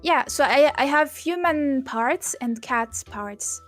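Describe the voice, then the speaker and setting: A woman's voice: high voice, lively intonation, slow pace, a bit bright, soft background music. A woman, a guest chatting casually on a stream, playful and giggly as she searches for her words. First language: French. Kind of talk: casual chat.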